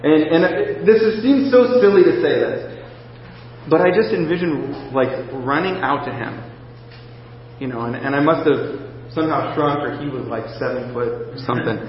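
Emotional male preacher in an echoey hall. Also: fairly high pitch. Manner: halting, emotional storytelling with many restarts. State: emotional, near tears. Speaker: pastor. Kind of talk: sermon with personal testimony. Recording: echoey hall, dull lo-fi sound, faint noise.

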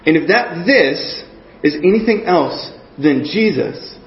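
A man's voice: fairly high pitch, lively intonation, takes it slowly. A man giving a conversational sermon, earnest and often checking in with his listeners. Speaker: preacher. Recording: echoey muffled room recording.

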